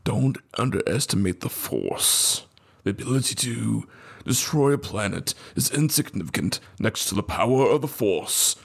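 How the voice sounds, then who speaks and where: A man doing an impression of a menacing masked space villain, slow and measured. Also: lowish voice, expressive, vocal fry, husky, exaggerated voice.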